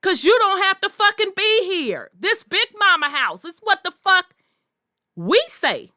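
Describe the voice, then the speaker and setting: High-voiced woman preaching hard, profane. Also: sing-song, measured pace, bright, forceful tone, dry recording, clean studio sound. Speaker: podcast host. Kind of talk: impassioned podcast monologue.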